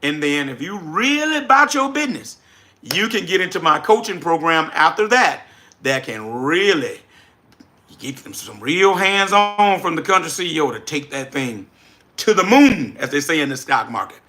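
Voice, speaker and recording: A man from South Louisiana with a Southern accent, hosting a casual livestream and answering chat with energetic, repetitive, preacher-like emphasis. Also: a little high, moderate pace. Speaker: livestream host, business coach.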